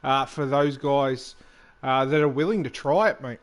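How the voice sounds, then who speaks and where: A man giving casual commentary on an online racing league he also drives in, relaxed, with many fillers and restarts. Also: mid-range voice, moderate pace.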